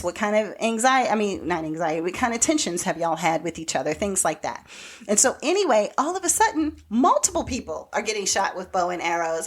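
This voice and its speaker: Podcast co-host, woman, casual and chatty, recaps a plot with lots of "like" and "so anyway", acts out the lines. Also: a little high. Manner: animated storyteller recapping a TV plot, acting out quoted lines; rambling, with many "like" and "so anyway" fillers. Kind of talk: casual chat.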